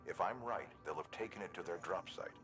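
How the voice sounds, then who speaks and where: A man voices a wry, easygoing supply-depot worker in a video game, asking a favor with a shrug. His voice is extremely deep. It comes from far away with a long, echoing reverb. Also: brisk, over music, close to an everyday voice. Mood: wry apologetic. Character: weary male delivery-center worker asking a favor. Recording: game audio from far off, echoey.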